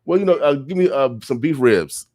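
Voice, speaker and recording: A man's voice: on the high side, expressive, fairly quick, a little mellow, no echo. A middle-aged man hosting a morning radio show, chatting casually and rambling with repeated catchphrases in a studio. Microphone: studio microphone.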